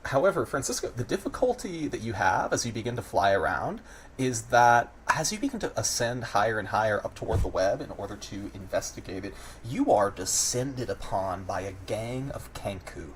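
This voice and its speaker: Lower-voiced man running a tabletop game. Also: moderate pace, a little hiss or hum, rough recording. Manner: lively descriptive narration. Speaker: game master.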